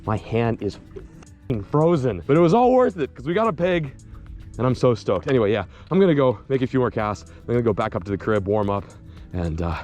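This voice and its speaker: Excitable low-voiced man fishing outdoors. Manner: excitable, exclaiming and laughing while reeling in fish. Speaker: fishing vlogger. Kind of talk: casual on-camera fishing commentary. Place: outdoors by the water in winter.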